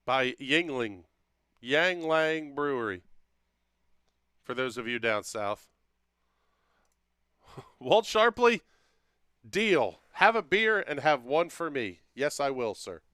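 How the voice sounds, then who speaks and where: Male stream host, casual and jokey, smooth voice, dry close mic. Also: mid-range voice, very animated, takes it slowly, long pauses, fairly bright tone, no echo. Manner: joking, drawling, talks to viewers by name. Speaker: livestream host. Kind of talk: casual livestream chat reading comments.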